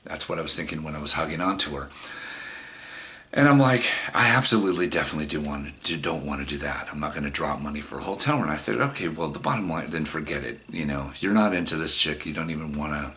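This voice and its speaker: A man's voice: extremely low pitch, quick pace, few pauses, bright, forceful tone, a little hiss or hum. A middle-aged man telling a personal story in a rambling, frank and profane way, with many restarts. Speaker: vlogger. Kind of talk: casual storytelling monologue.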